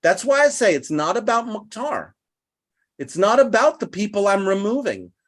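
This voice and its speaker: A man's voice: very animated, normal speed. A man hosting an online group, ranting angrily and bitterly at its members and swearing as he goes. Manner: heated, bitter, swearing, with big swings in pitch. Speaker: host of an online English class group. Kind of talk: angry rant to an online group.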